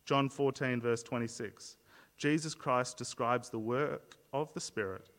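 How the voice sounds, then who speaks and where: A man's voice: medium pitch, unhurried, fairly bright tone, big-room sound. A man preaching a sermon as pastor, explaining earnestly and often repeating words as he restarts a thought.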